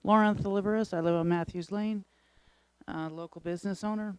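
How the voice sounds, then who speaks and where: A woman's voice: mid-range voice, fairly even intonation, brisk, a little mellow, smooth. A middle-aged woman making a public comment at a town meeting, emotional and urgent, her frustration showing. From Wisconsin.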